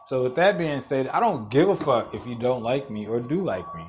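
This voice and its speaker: A man's voice: medium pitch, moderate pace, slight background noise. A young adult man hosting a podcast, telling blunt, profane stories in a casual monologue and often laughing through them. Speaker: podcast host.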